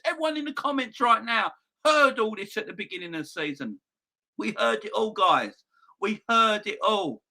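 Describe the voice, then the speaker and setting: A young man hosting a football fan channel, ranting loudly and excitably with plenty of swearing. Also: high-pitched.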